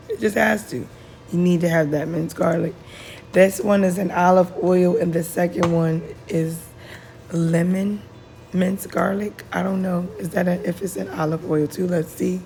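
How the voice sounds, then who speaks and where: A woman with a hoarse, deep, raspy voice, chatting casually through a cooking voice-over while she is losing her voice. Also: steady tone, normal speed, a little mellow, slight background noise. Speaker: cooking vlogger. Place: home kitchen, voice-over.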